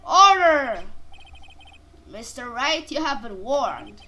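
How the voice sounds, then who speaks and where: A woman voicing a stern elderly male judge in a game, speaking low, formal and deliberate. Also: sing-song, background noise, full character voice.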